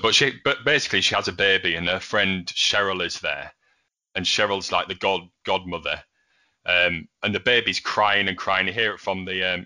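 A man's voice: low-pitched, sharp tone. A young man co-hosting a podcast, chatting casually and animatedly with laughs as he retells scenes. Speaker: podcast co-host. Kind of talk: casual chat.

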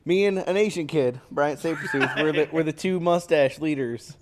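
A man's voice: fairly high pitch, moderate pace, crowd noise. A man in casual chat, trading crude jokes with friends. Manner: crude, joking banter.

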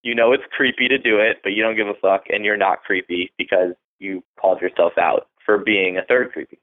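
A fairly low-voiced man gives blunt, profane dating advice in a loose, casual monologue. He keeps dropping into quick acted-out pickup lines. The sound is thin and narrow, like it comes through a phone line. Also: steady tone. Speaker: podcast host giving dating advice.

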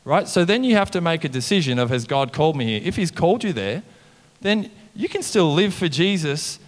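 Male pastor, conversational sermon, higher-pitched, long hall reverb. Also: brisk. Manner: animated, conversational preaching with mimicked voices and "come on" refrains.

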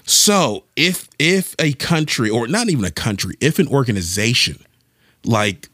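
A man co-hosting a podcast, talking in an animated, casual way and thinking aloud with frequent restarts. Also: mid-range voice, measured pace, no room sound, studio quality. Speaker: podcast co-host. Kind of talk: casual discussion.

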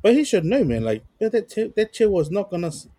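A man with a New Zealand accent, co-hosting a podcast and telling funny stories in a relaxed, slangy way. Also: high-pitched, a little fast, husky, no echo. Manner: laid-back storytelling with slang and chuckles. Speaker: podcast co-host. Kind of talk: casual chat.

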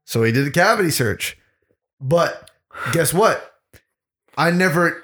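A man hosting a comedy podcast, telling crude stories in a rambling, profane way. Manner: rambling, profane, gets louder and higher when excited. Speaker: podcast host.

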